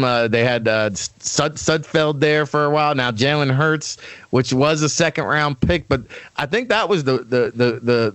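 A man's voice: medium pitch, fairly bright tone, no room sound. Opinionated man talking football. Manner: emphatic, opinionated, many restarts. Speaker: weekly draft analyst guest. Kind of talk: casual sports talk.

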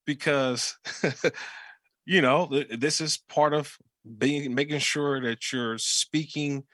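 A man's voice: fairly high pitch, fairly even intonation, slow pace, a bit bright, no room sound. A man who works as a sports broadcaster, talking casually and reflectively, telling stories from his own experience. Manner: reflective, storytelling. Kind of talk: casual conversation.

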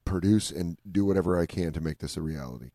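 A man's voice: deep voice, quick pace, dark tone, no echo, clean studio sound. A man co-hosting a casual radio talk show, joking along and playing into bits. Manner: playful, jokey, goes along with bits. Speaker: co-host.

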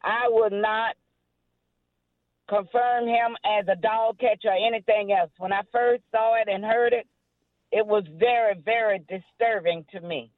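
A woman's voice: mid-range voice, steady tone, unhurried, no echo. A woman from Florida calling in to a radio show, earnest and indignant, speaking formally. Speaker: caller. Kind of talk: phone-in comment. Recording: tinny dry phone line.

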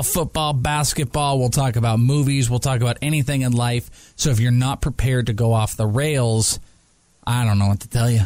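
A man hosting a sports talk podcast, telling stories in casual banter, acting out quotes in a raised voice and laughing often. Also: no room sound. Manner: animated storyteller, acts out quotes in a high voice, laughs often. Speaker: podcast and radio host.

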